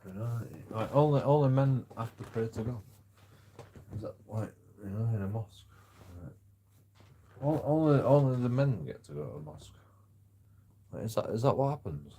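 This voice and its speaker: A man streaming live who rambles and stammers, swearing freely and swinging between loud outbursts and low mutters. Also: animated, normal speed, pauses often, husky.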